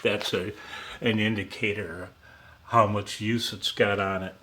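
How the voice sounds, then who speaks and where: A man with a deep voice vlogging casually at home and in his garage, laid-back and quick to laugh, saying "man" a lot. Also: fairly even intonation, noisy background. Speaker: ham radio vlogger. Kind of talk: casual vlog chat.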